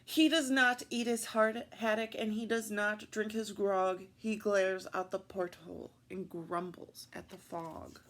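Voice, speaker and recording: A woman reading picture books aloud at story time, expressive and adding little asides to her listeners. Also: mid-range voice, measured pace, hardly any pauses.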